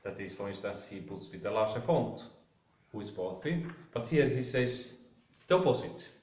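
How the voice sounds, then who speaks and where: Low-voiced guy going thru a text line by line, far off in a roomy room. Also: animated, a little mellow, slight background noise. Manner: careful, halting, rereads passages aloud. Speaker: reading group leader. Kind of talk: slow close reading and discussion. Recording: roomy, distant mic.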